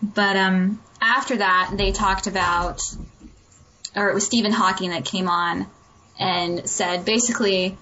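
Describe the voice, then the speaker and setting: Woman, podcast co-host, mid-pitched, excitable and rambly, slightly muffled sound. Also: a little slow, slight background noise. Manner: enthusiastic, rambling with fillers. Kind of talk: casual chat.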